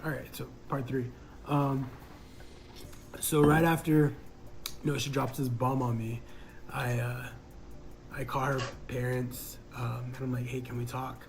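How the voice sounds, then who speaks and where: A man's voice: medium pitch, little pitch movement, measured pace, creaky, pauses often, background noise. A man casually telling a personal story in a reflective, hesitant way, full of fillers.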